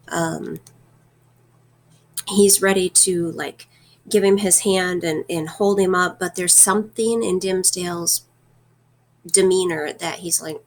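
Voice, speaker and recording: Woman teacher, mid-range voice with some fry, casual chapter recap. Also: mid-range voice. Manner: conversational, with fillers and loose retelling. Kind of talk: casual lesson recap of a novel.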